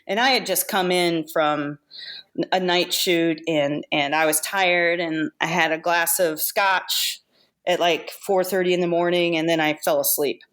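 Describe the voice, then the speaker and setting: A woman being interviewed on a podcast about her makeup effects career, telling animated anecdotes with laughs and restarts. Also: fairly low pitch, unhurried. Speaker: guest makeup effects artist. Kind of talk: casual storytelling interview.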